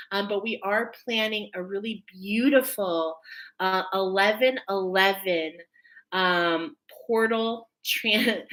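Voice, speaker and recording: Bright-voiced chatty woman hosting live. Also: fairly high pitch. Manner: chatty, spontaneous, thinking aloud and laughing often. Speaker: spiritual reader and host of a live stream. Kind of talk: casual live-stream chat.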